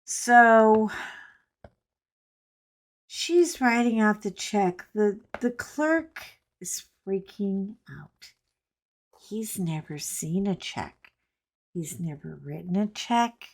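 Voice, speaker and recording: Female host, unhurried casual storyteller, chatty and playful. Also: mid-range voice, animated. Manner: chatty, rambling, playful asides to viewers.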